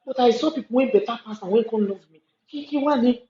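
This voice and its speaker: A woman's voice: a little high, fast, dark tone. A woman with a Nigerian accent, talking at length in an emphatic storytelling way and repeating herself for stress. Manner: talkative, emphatic storytelling with repetitions. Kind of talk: casual monologue. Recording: echoey, slightly dull room recording.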